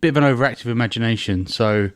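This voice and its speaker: Male co-host, mid-pitched, rambling comic chat, dry sound. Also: quick pace, no room sound. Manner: rambling, joking. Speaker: podcast co-host. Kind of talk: casual comedic chat.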